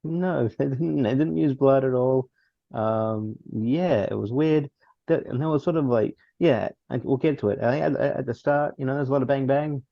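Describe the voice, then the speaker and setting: With noticeable vocal fry, a man speaks at a moderate pace in a medium-pitched voice, co-hosting a casual film review podcast. He rambles, restarting a lot and chuckling, and the recording sounds dull, dry, and lo-fi, with no echo.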